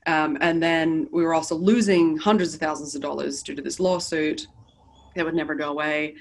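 A middle-aged woman with an American accent, a business founder telling her story as an interview guest in a candid, lively and self-deprecating way, recorded in an office. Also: low-pitched, moderate pace.

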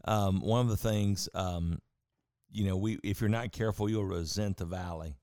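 A man's voice: low-pitched, moderate pace, clear, resonant tone, no room sound, studio quality. A man who is a pastor, telling folksy stories in a casual sermon-like talk before an audience. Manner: folksy storyteller, animated quoting.

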